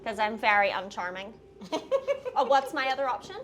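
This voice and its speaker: A woman playing a tabletop game, hesitant and earnest, often pausing with fillers. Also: a little high, a bit bright, a little hiss or hum. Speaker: player. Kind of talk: in-character tabletop play.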